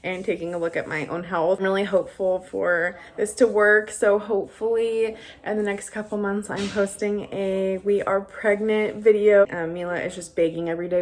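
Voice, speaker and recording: A young woman vlogging to camera in a relaxed chat full of fillers. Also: medium pitch, fairly quick, few pauses. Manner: chatty, many fillers. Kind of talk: casual talk to camera.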